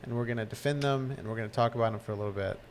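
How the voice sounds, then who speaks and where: Speaking very fast in a mid-range voice, a man co-hosts a podcast and casually recaps a favorite scene, telling it animatedly with restarts and fillers. A little hiss or hum runs under the recording.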